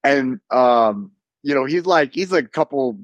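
A man co-hosting a podcast, telling a story in an animated way and laughing as he talks. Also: mid-range voice, unhurried, no echo, muffled recording. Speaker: podcast co-host. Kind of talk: casual chat.

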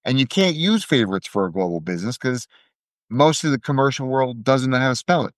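A man's voice: mid-range voice, animated, fairly quick, no echo, studio quality. A man co-hosting a casual podcast chat, opinionated and stumbling over repeated restarts. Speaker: podcast co-host.

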